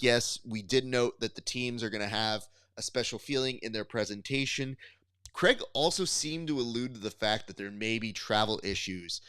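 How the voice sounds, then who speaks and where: A man co-hosting a casual podcast, riffing animatedly and pitching ideas with mock appeals to the listener. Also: a bit bright, clear, resonant tone, no room sound. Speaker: podcast co-host.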